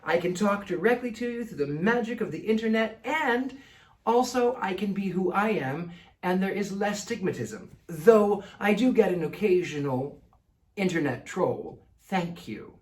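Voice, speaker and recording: Brief: male host, Mid-Atlantic accent, theatrical precise delivery, higher voice, roomy echo. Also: expressive, a little slow, far from the mic. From United States. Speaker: psychic answering viewer questions. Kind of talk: casual Q&A monologue.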